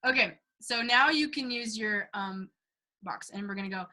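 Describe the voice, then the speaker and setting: A woman's voice: medium pitch, normal speed, sharp tone. A young woman casually leading a singing class, chatty and giggly, with lots of ums and likes and short sung demonstrations. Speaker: singing workshop leader.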